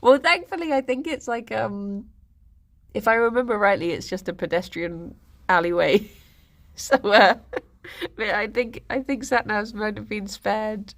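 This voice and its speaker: A woman's voice: mid-range voice, unhurried. A young woman, chatting casually on a stream and telling rambling stories with lots of giggles. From England. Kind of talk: casual chat.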